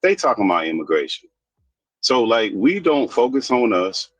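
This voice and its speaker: Blunt ranting man, husky voice. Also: on the low side, big pitch swings, normal speed, no echo, poor audio. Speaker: commentator. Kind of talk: opinionated casual commentary.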